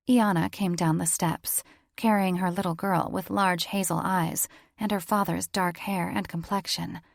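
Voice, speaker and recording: A woman narrating a romance audiobook in a measured storytelling manner. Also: fairly low pitch, steady tone, vocal fry, dry recording, studio quality. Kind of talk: scripted narration.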